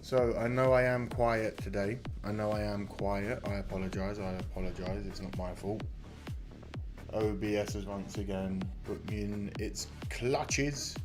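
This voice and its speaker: A British man hosts a casual live stream, reading out chat and greeting viewers one by one. He talks close to his desk mic and keeps apologising for the volume while nursing a sore muscle. Music plays clearly in the background. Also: fairly low pitch, fairly even intonation, unhurried. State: in some pain from a muscle injury.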